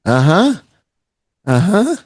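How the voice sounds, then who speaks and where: A man's voice: sits high, big pitch swings, slow pace, husky, dry recording, studio quality. A man talking in a sarcastic, rambling way on a podcast, with mocking asides. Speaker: podcast guest. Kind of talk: casual conspiratorial chat.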